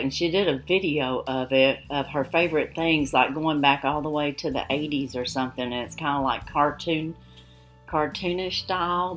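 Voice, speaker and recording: A woman's voice: low voice, a bit bright. A woman vlogging at home, chatting to viewers in a gushing, rambling way. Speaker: beauty vlogger. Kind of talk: casual chat to viewers.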